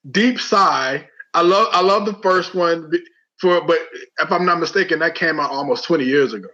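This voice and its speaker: Animated man arguing his point, lo-fi sound. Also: a little high, normal speed. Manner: animated, argues his point, keeps saying listen. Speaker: podcast co-host. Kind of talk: casual chat. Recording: dull lo-fi sound.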